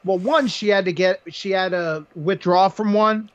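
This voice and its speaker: A man's voice: high voice, steady tone, fairly bright tone, lo-fi sound. A man co-hosting a casual podcast, joking and laughing while he runs through fight picks. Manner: joking, laughs often, quick banter. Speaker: podcast co-host.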